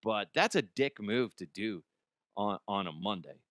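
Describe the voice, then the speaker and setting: A man's voice: lowish voice, animated, measured pace, fairly bright tone, no echo, studio quality. A man hosting a comedy show, riffing sarcastically on odd news stories, swearing freely and jumping into mocking voices. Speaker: comedy podcast host.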